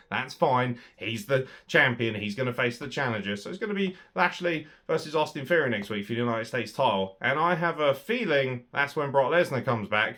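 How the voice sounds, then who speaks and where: A young man with a mid-range voice gives a solo wrestling review full of swearing and sarcasm. He swings between loud outbursts and muttered asides.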